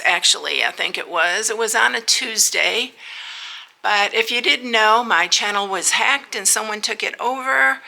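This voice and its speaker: Lady craft vlogger, middle-aged, gravelly voice, chatty and emotional. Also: medium pitch, bright, forceful tone. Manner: chatty, emotional, says y'all often. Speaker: paper craft channel host. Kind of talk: casual craft vlog chat.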